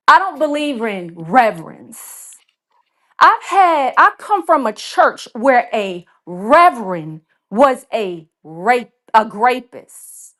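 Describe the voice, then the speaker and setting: A woman's voice: on the high side, a bit bright. A woman from Georgia with a Southern accent, talking earnestly as a caller on a live stream. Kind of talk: casual opinion talk.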